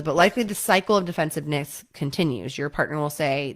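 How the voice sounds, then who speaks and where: A woman's voice: deep voice, quick pace, few pauses. Chatty woman giving relationship advice. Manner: conversational, often checks in with "right?" and "like"; lively, acts out quoted partners. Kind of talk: casual advice talk to camera.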